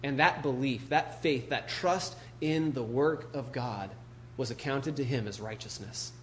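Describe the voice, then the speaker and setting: A man's voice: mid-range voice, measured pace, fairly bright tone, a little hiss or hum. A male pastor preaching a casual, joking sermon and reading scripture, full of "you know" and "like".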